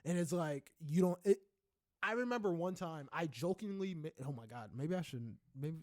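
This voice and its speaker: A young adult man co-hosts a podcast, chatting casually and candidly with plenty of swearing, often ending lines with "right?" and rising into loud, animated rants. His voice is on the high side at a moderate pace, in a clean studio recording with no room sound.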